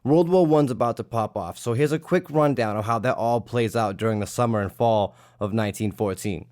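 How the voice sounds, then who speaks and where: A man's voice: mid-range voice, a little fast, darkish tone. A man hosting a casual history podcast, irreverent, jokey and profane. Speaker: podcast host.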